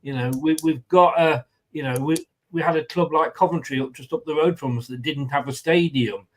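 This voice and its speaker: A man's voice: fairly high pitch, brisk. A man co-hosting a fan live stream, chatting casually and reading out viewer comments. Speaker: fan channel co-host.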